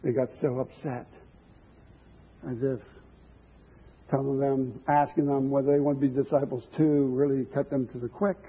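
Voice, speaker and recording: Husky man preaching over a tinny line. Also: medium pitch, flat delivery, moderate pace, long pauses, long reverb tail. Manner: earnest, musing, with chuckles and restarts. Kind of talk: sermon.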